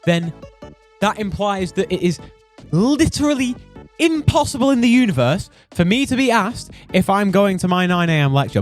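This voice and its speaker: A young British man rants with mock outrage, his voice swinging widely in pitch and sitting a bit high. He exaggerates and swears for comic effect in a streamer's commentary. Faint music plays underneath. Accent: British English. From United Kingdom. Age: young adult. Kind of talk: comedic ranting commentary.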